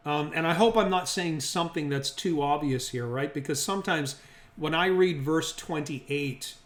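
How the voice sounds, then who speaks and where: A man with a slightly high voice, talking at normal speed, leads a Bible study group in an interactive lesson. He reasons through the text out loud and keeps checking whether the group is following along. The room sounds echoey.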